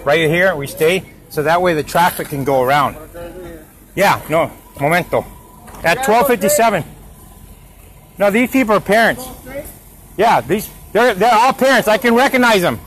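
A man whose voice sits high and fairly bright argues with road workers near a school while filming on his phone. He speaks at a moderate pace with lively intonation, pausing often, and repeats himself heatedly. The recording is rough.

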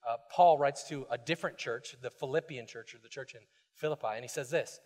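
A male pastor giving a casual, conversational sermon in a church, full of quick asides and restarts. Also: medium pitch, a little mellow, big-room sound. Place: church sanctuary.

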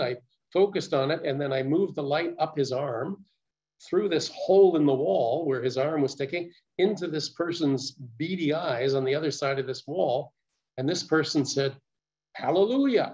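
An older man recounting his story as a guest speaker, earnest and measured, with small stammers. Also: fairly high pitch, darkish tone. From Canada. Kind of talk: personal storytelling talk. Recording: muffled lo-fi recording.

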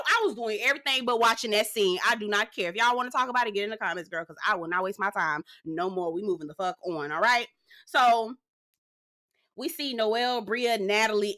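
Woman, bright and forceful voice, sassy profane reality-TV recapper. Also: fairly high pitch. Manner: sassy, blunt and profane, addresses viewers as girl. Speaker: reality TV reviewer. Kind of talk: casual recap commentary.

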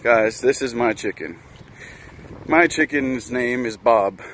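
A man's voice: mid-range voice, slow, fairly bright tone, slight background noise. A man vlogging casually outdoors and in his truck, teasing his companion and laughing often. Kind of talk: casual vlog banter.

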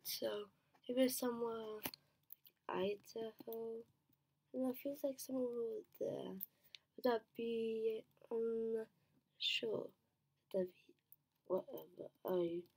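A woman's voice: a little high, darkish tone, slightly rough. A woman thinking aloud as she plays a timed quiz, muttering to herself, trailing off, restarting answers and slipping into whispers. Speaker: quiz player.

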